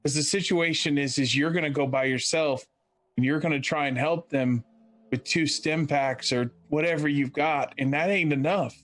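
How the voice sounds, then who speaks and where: A man's voice: fairly high pitch, moderate pace, fairly bright tone, lightly acted. A man playing a persuasive character with a cane, pleading and reassuring in a tabletop game.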